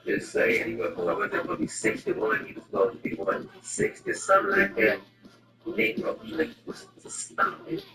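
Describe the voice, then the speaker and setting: A man's voice: sits high, wildly swooping pitch, brisk, creaky, few pauses. A man delivering a comedic, rambling rant in a digressive, mock-serious way. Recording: roomy echo, distant mic, music behind.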